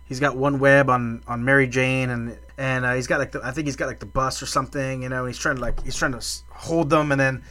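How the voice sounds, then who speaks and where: A man's voice: medium pitch, steady tone, fast, few pauses, bright, forceful tone. A man co-hosting a podcast, chatting casually and telling rambling stories full of restarts. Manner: rambling storyteller, lots of restarts and fillers. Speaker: podcast co-host. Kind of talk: casual chat.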